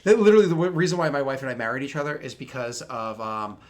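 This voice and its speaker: A man in his thirties running a tabletop game, chatting and narrating in a rambling, animated way with many fillers. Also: medium pitch, fast. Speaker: game master. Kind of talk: casual game narration and chat.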